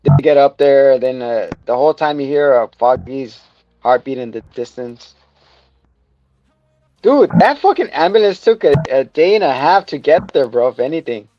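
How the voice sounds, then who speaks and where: A man's voice: mid-range voice, lively intonation, moderate pace, no room sound. A man co-hosting a podcast, recapping a show in casual chat, rambling and swearing as he acts out scenes. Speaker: podcast co-host. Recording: dull lo-fi sound with music behind.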